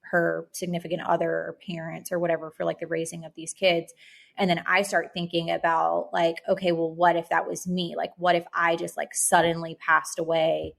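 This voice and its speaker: Podcast co-host, woman in her thirties, low and gravelly, reflective and rambling. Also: fairly bright tone. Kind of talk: casual podcast chat.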